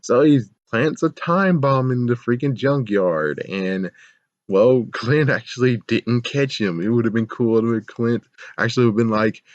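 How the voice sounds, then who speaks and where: A man's voice: mid-range voice, a little slow, dry recording. A man giving a casual episode review, ranting sarcastically, laughing often and swearing. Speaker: show reviewer. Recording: dull, lo-fi, dry sound.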